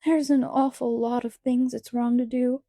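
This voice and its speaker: A woman's voice: on the high side, level tone, normal speed, warm tone, dry recording, clean studio sound. Woman doing a pleading, sobbing little boy. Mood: questioning. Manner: sobbing, pleading, childish slang. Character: impish tearful six-year-old boy.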